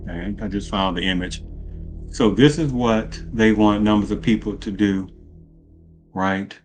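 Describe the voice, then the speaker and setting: A man's voice: lowish voice, measured pace, darkish tone, faint music behind. A man giving opinionated political commentary in a rambling way, asking rhetorical questions and often correcting himself. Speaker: video commentator.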